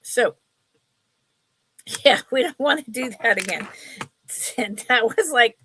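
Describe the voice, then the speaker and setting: Slow-talking chatty woman selling live. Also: fairly high pitch, expressive, a bit bright, a little hiss or hum. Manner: chatty, laughs often, slow and rambling. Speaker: live sale host. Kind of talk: casual live selling stream.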